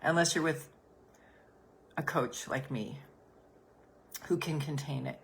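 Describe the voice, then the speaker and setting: A woman podcast host and business coach leading listeners through a gentle healing exercise, soothing and repetitive. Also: sits low, takes it slowly, creaky. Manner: soothing, gentle, repeats phrases softly.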